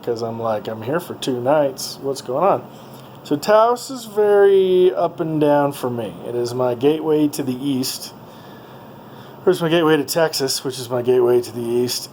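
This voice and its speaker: A man of middle pitch telling a travel story in a loose, meandering way, full of ums and uhs. A faint hum of noise sits under his voice. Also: warm tone, rough recording. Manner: rambling, lots of ums and uhs. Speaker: vlogger.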